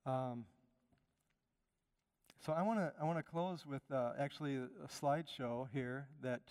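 A man's voice: medium pitch, unhurried, a little mellow, clear, resonant tone. A man from Chicago preaching a conversational sermon as pastor, emphatic and repeating his phrases. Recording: long reverb of a hall.

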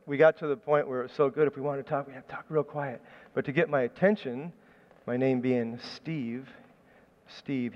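A man's voice: medium pitch, big-room sound, lo-fi sound. A man preaching a sermon in a conversational, storytelling way, often restarting his phrases. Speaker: pastor.

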